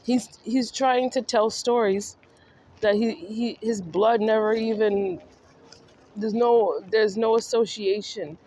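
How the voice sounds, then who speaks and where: A woman's voice: on the high side, slow pace, warm tone, a little hiss or hum. A woman vlogger ranting in a scolding, mocking monologue that speaks straight to the person she criticizes. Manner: scolding, mocking, addresses the subject directly.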